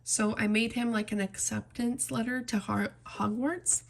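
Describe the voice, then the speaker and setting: A woman's voice: on the high side, fairly even intonation, a little slow, gravelly. A young adult woman talking casually and from the heart to her viewers while she colors, rambling from one story to the next. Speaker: coloring channel host.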